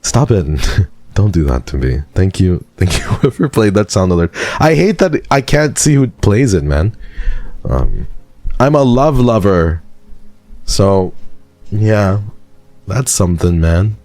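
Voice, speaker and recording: A man's voice: deep voice, very animated, takes it slowly, a little mellow, no room sound. An American man streaming live, chatting casually with viewers in a dry, sarcastic way. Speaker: livestreamer.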